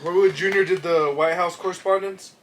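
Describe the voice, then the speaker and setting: A man in his twenties, co-hosting a comedy podcast, telling stories in an animated, profane way. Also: high voice, brisk, a little hiss or hum. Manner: animated, profane storytelling with acted-out quotes. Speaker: podcast co-host. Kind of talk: casual chat. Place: home studio shed.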